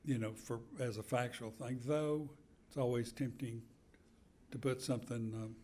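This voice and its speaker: An older man, an author, talking slowly and telling stories with pauses at a live book event. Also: mid-range voice, fairly even intonation. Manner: unhurried, storytelling with pauses and soft chuckles. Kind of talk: conversational book talk. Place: event hall with an audience.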